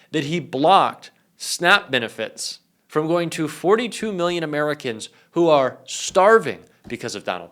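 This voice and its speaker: Young guy ranting politics, bright punchy voice, fired up. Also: on the high side. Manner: indignant, emphatic. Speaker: political commentator. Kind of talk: political commentary.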